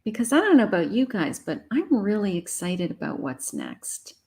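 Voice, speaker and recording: A woman's voice: medium pitch, wildly swooping pitch, normal speed, darkish tone. A middle-aged woman, a psychic, giving a live tarot reading to her viewers in an emotional, uplifting way, with repeated affirmations.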